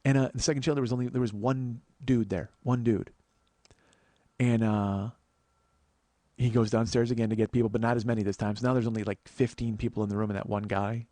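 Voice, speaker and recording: A man's voice: mid-range voice, fairly quick, no echo. A man hosting a podcast, telling a road story alone, swearing freely and acting out what people said. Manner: profane, animated, acts out quotes. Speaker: podcast host. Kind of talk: solo storytelling monologue. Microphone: podcast mic.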